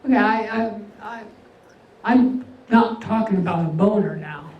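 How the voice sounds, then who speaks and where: An older man with an unusually high voice doing a stand-up comedy set, delivering deadpan one-liners with pauses before each punchline. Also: muffled recording. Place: veterans' hall event room. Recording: echoey hall, mic far off, faint hum.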